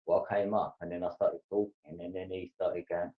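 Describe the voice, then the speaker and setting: A man's voice: deep voice, quick pace, hardly any pauses. A man hosting a livestream, chatting casually in a loose, meandering way. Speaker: livestream host. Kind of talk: casual chat. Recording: dull lo-fi stream audio.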